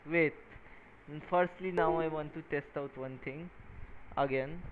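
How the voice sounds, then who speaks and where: A tired man talking casually while he codes and wires a small electronics project, halting and counting pins out loud. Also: on the high side, steady tone. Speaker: maker coding a microcontroller project. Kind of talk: casual talk-through while working. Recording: tinny phone-like sound with faint noise.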